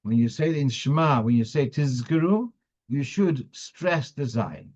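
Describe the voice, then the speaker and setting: Rabbi explaining a halachic question. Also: male voice, medium pitch, animated, measured pace, a little mellow, lo-fi sound. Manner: explanatory, thinking aloud with frequent restarts. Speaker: rabbi teaching a weekly class. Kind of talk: halachic lecture.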